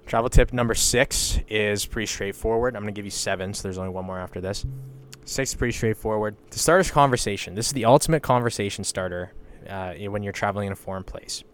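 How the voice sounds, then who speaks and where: This young man's lowish voice moves at a quick pace over a faint hiss or hum. Hosting a casual solo podcast from western Canada, he's blunt and meandering, swears without restraint, and fills his speech with "like" and "you know."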